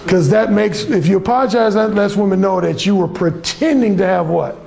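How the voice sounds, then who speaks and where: A man's voice: high voice, fairly quick, vocal fry, a little mellow, slight background noise. A man coaching a class on dating through bold, profane, swaggering stories. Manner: bold, blunt, swaggering, lots of cursing. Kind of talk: profane storytelling lecture.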